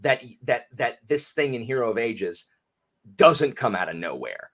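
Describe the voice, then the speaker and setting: A man who works as a teacher, a guest on a casual podcast chat, who gets emphatic and animated when he argues a point. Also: medium pitch, moderate pace.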